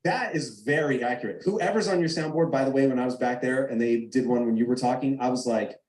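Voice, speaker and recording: A man's voice: medium pitch, brisk, darkish tone, a little hiss or hum. A man giving a live talk to an audience, acting out both sides of arguments in quoted voices. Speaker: guest speaker. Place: event stage. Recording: echoey large room.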